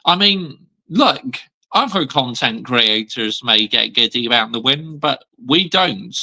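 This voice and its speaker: Brief: male vlogger, bright gravelly voice, slow and lively, blunt emphatic rant. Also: medium pitch, low-quality recording. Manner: blunt, emphatic, repeats "yeah?" and "mate". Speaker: football channel host. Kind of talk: ranting fan vlog.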